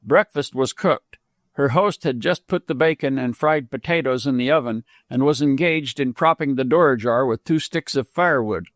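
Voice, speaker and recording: A man narrating an audiobook with measured, expressive reading. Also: mid-range voice, dry recording, clean studio sound. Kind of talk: scripted narration.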